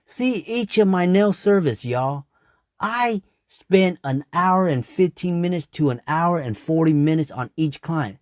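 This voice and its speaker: A man's voice: fairly high pitch, animated, a little slow, no room sound, studio quality. A man working as a nail technician, talking through a tutorial in a blunt, chatty way, swearing now and then and calling his viewers y'all. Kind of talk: casual tutorial talk.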